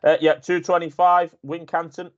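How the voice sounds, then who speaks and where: Brisk racing-show host. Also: male voice, a little high, little pitch movement, muffled recording. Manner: brisk, steering, teasing. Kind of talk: casual racing chat.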